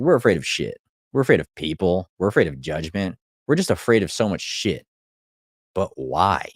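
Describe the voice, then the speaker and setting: A man's voice: low voice, no room sound, studio quality. A man, a life coach, giving a live motivational talk to viewers, blunt and profane, driving points home with repeated phrases. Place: live stream.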